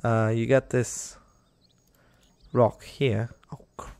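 A man's voice: mid-range voice, little pitch movement, slow pace, a little mellow, clean tone, no room sound. A young man giving casual, rambling commentary over a game, talking to the animals on screen and getting exasperated with them. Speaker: gaming YouTuber.

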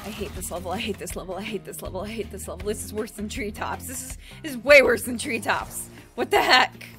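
A woman in her twenties giving gaming commentary as a let's play host, exasperated and repeating herself in rapid bursts. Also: medium pitch, music in the background.

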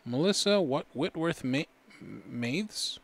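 A man's voice: fairly high pitch, expressive, takes it slowly. A man streaming a video game, chatting casually and in a rambling way with his viewers. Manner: laid-back, rambling. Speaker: gaming streamer. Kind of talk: casual gaming commentary.

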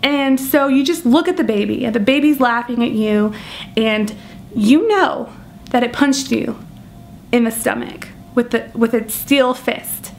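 A woman's voice: fairly high pitch, a little slow, a little hiss or hum. Young woman, self-mocking comic vlogger. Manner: self-deprecating, animated storytelling. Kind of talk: comedic vlog monologue.

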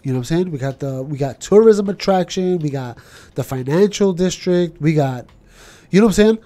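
A man with a New York accent, co-hosting a podcast in casual chat and ranting with animated questions. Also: a little high, fairly quick. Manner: animated, ranting, keeps asking "you know what I'm saying". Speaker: podcast co-host.

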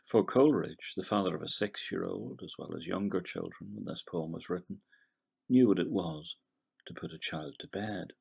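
Older-sounding prof, gravelly husky voice, talks poetry slow, fades out quiet at phrase ends. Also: male voice, sits low. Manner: measured, analytical, trails off softly at phrase ends; scans verse syllable by syllable. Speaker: literature professor. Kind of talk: recorded lecture on poetry.

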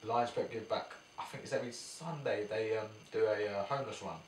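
Young boxer, low-key slangy chat, echoey room, distant mic. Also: male voice, brisk, slight background noise. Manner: laid-back slangy banter. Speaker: professional boxer guest. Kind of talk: casual chat.

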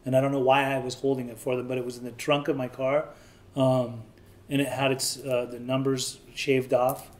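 Speaking at a normal speed in a mid-range, slightly mellow voice with little pitch movement, a thirtysomething Southern Californian man recounts his own story in an interview. He's candid and plain-spoken and mimics the voices of those he quotes.

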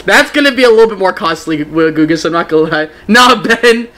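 A young man streaming a game, chatting casually with his viewers in an excitable, giggly way. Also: high voice, a little fast. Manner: excitable, giggly, talks to chat. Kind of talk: casual live-stream chat.

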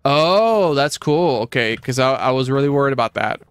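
A man hosting a casual gameplay session, excitable and laughing often as he chats with friends. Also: mid-range voice, moderate pace, clean tone, dry recording. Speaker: gaming channel host.

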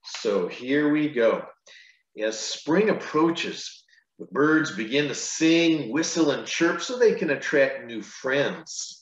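Slow, gentle pastor reading a storybook. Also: male voice, medium pitch, expressive. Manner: gentle, chatty asides between pages. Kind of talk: reading a picture book aloud to children. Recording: echoey room, dull lo-fi sound.

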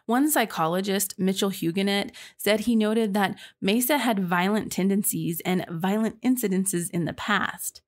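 A woman, hosting a true crime podcast in a chatty, expressive, casual way. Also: mid-range voice, normal speed, hardly any pauses. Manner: chatty and expressive, addresses listeners as y'all.

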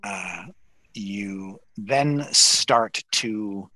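A man narrating a tabletop game as dungeon master, halting with many fillers. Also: fairly low pitch, bright, forceful tone, no room sound, rough recording.

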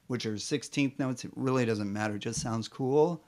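A man's voice: medium pitch, normal speed, background noise. A man teaching a children's music lesson, playful and rambling, singing short phrases and often correcting himself. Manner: drums on a table.

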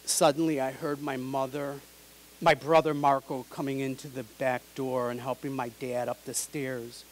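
A man reading his personal memoir aloud in an earnest, measured way. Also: medium pitch, little pitch movement, poor audio. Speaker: memoir narrator.

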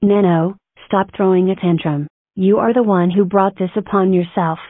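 A woman's voice: medium pitch, steady tone, normal speed, dry recording, narrow, tinny audio, lightly acted. A female computer voice playing a cartoon mother who scolds and lectures.

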